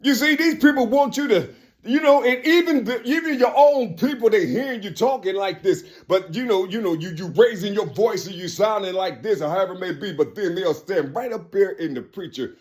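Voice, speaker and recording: Man rambling to camera, kinda high voice, keeps saying you see, laughs a lot, drops low and quiet. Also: animated, fairly quick. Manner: repeats "you see" and "you know" constantly, restarts often. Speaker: vlogger.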